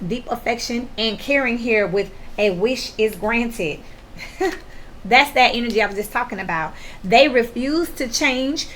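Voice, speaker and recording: A woman's voice: a little high, fairly bright tone, a little hiss or hum. A woman giving a casual tarot reading, talking straight to the viewer in a blunt, slangy, profane way that gets worked up, with sudden laughs. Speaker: tarot reader.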